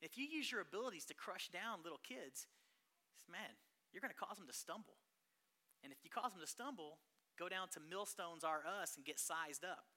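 A pastor preaching a sermon, telling stories in an animated way that swings between hushed and loud. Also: mid-range voice, moderate pace.

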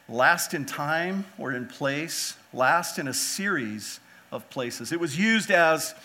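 A man preaching a sermon as pastor, lively and animated, often putting rhetorical questions to his listeners. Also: on the high side.

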